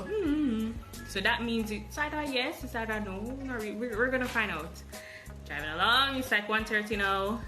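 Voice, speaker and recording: A woman's voice: mid-range voice, reverberant. A woman with a Jamaican accent who hosts a podcast, animatedly telling a travel story and acting out the dialogue. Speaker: podcast host.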